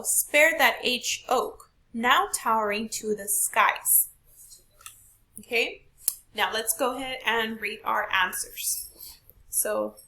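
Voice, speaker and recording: Woman, teacher, recorded lesson, patient explaining, rhetorical questions, highish voice. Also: sharp tone.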